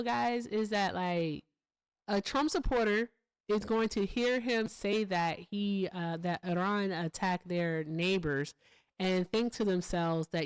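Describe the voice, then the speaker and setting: A woman hosting a political commentary stream, animated and sarcastic, talking straight to her viewers. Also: medium pitch, a little slow, smooth, dry recording, studio quality. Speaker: host.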